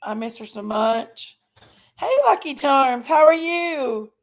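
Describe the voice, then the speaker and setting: A woman's voice: high-pitched, animated, slow. A woman hosting a casual livestream, affectionately greeting viewers one by one by name and sometimes sounding tearful. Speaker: livestream host.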